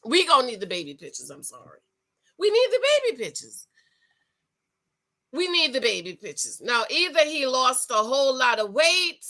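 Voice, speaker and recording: A woman giving sassy, animated commentary on a reality show, with features and lots of restarts. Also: on the high side. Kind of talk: casual opinion review.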